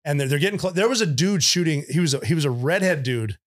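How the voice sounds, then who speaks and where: A man with a somewhat high voice tells war stories bluntly and casually, with plenty of swearing. He brings the people in his stories to life by acting out their voices. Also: animated, fast. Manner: blunt, profane, vivid; acts out voices in anecdotes. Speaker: military veteran guest.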